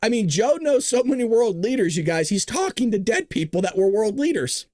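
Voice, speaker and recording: A man's voice: high-pitched, a little fast, no room sound, studio quality. Sarcastic male political commentary host. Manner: animated, sarcastic, laughing asides.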